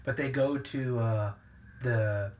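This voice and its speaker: A man hosting a podcast in casual chat, animated as he retells scenes and laughs often. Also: mid-range voice, takes it slowly, a little hiss or hum. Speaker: podcast host.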